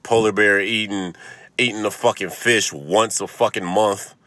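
Deep-voiced man ranting, swearing nonstop. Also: steady tone, unhurried, pushed and bright, no echo. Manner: profane, ranting, swears constantly. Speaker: podcast host. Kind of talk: solo comedic podcast rant. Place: inside his own parked car. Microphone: phone.

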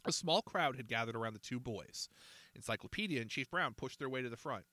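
A man reading a children's mystery storybook aloud with an expressive manner. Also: medium pitch, brisk, no echo. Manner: expressive, animated.

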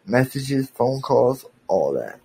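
A man's voice: mid-range voice, very animated, slow pace, gravelly, dark tone, slightly rough, poor audio. A man hosting a podcast, delivering an angry, profane, sarcastic rant aimed at a former friend.

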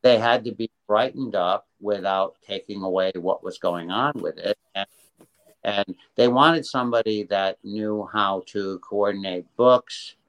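An older man being interviewed, telling a story in a casual, animated way with many restarts and voices for the people in it. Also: fairly low pitch, low-quality recording. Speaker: interview guest, illustrator.

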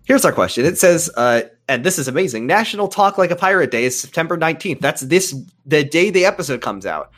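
A man co-hosting a comedy podcast who talks casually, with excitable, swearing outbursts. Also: on the high side, brisk, few pauses. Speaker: podcast co-host.

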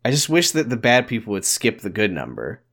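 Low voice guy podcast host, deadpan jokes but his pitch jumps around a lot. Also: brisk. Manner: dry joking, deadpan quips. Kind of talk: casual chat.

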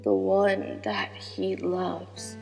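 A woman voicing a frail, mysterious old male vagabond who speaks in a slow, hoarse, gravelly whisper. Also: on the low side, big pitch swings, full character voice. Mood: cryptic. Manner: slow, halting, cryptic. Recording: long reverb with background music.

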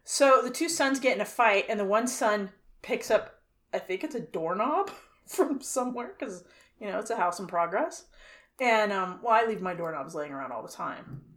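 A woman's voice: mid-range voice, lively intonation, normal speed, a bit bright. A woman co-hosting a casual chat, retelling a movie plot with exasperated laughter and free swearing. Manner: exasperated, laughing storyteller who swears freely. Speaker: podcast co-host.

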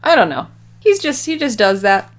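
A podcast host casually recaps a TV episode, acting out the characters' lines as she goes. Her voice is on the high side and very animated, at a moderate pace.

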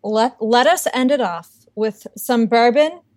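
A woman's voice: on the high side, a little slow, a little mellow, no room sound, clean studio sound. A woman co-hosting a podcast, telling a ghost story in a chatty, joking way. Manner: chatty, filler-heavy, joking asides. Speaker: podcast co-host.

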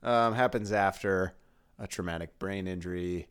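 A man's voice: low voice, normal speed, a bit bright, smooth. A man co-hosting a podcast in casual comedic chat, laughing often and breaking into playful voice impressions. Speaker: podcast co-host.

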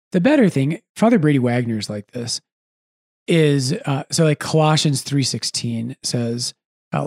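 A man who is a priest and podcast host, chatting casually and with animation, often breaking off to correct himself. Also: mid-range voice. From United States. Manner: animated, quick asides, self-correcting.

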